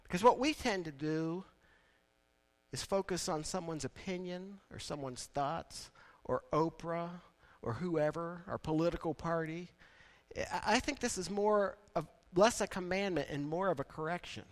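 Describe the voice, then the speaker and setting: A man preaching a sermon in a conversational way, building now and then to loud, emphatic peaks. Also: on the high side, measured pace. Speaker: pastor.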